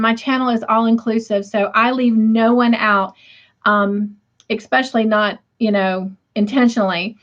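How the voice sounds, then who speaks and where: Woman, middle-aged, livestream host, chatty, laughs often, slightly high voice, muffled lo-fi audio. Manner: warm, chatty, reads viewer comments aloud. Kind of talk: casual livestream chat. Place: home. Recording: dull lo-fi stream audio.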